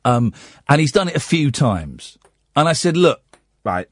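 A man's voice: medium pitch, big pitch swings, fast, fairly bright tone, breathy edge, dry recording. A middle-aged man, a late-night radio host telling rambling family stories and acting out the dialogue. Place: radio studio.

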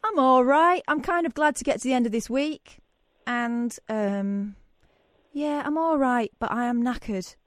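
A woman's voice: sits high, measured pace, no echo, clean studio sound. Chatty woman hosting late-night radio. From Manchester, England. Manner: chatty, teasing, laughs easily. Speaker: radio phone-in host. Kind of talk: late-night phone-in chat.

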